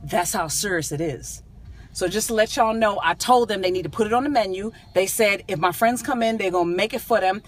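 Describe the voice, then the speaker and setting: A middle-aged woman from San Diego, California, speaks a little fast in a mid-range voice over soft background music. She's a vlogger driving her car, telling a comic, indignant story in a casual vlog.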